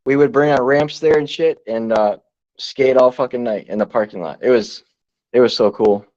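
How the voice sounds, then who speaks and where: A man's voice: mid-range voice, moderate pace, a little mellow, lo-fi sound. A man in his forties chatting on a casual podcast, telling stories in a laid-back way and swearing casually. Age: 40s.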